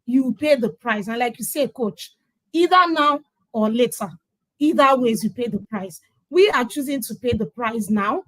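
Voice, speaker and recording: A woman's voice: on the high side, moderate pace, fairly bright tone, no echo, poor audio. A middle-aged Nigerian woman, a guest on an interview, telling her story emphatically and acting out quoted dialogue. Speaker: interview guest sharing her parenting journey. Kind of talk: conversational testimonial.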